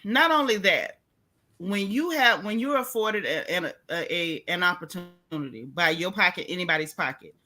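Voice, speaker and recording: An American woman hosts a casual chat about reality TV. Her voice is bright and forward, and she talks in a sassy, emphatic way, often restarting her sentences. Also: lowish voice, expressive, normal speed. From United States. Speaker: host.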